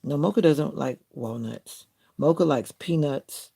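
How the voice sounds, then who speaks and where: A man's voice: fairly high pitch, measured pace, creaky, warm tone, husky. A man hosting a casual morning live stream from home, rambling and chatty, often correcting himself mid-sentence. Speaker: live stream host and content creator. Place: at home in the morning, near a window with bird feeders.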